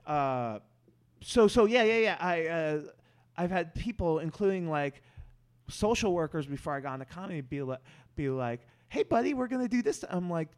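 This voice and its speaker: A young man, a stand-up comedian, chatting casually on a podcast, animated and often restarting his words. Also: a little high, moderate pace, smooth.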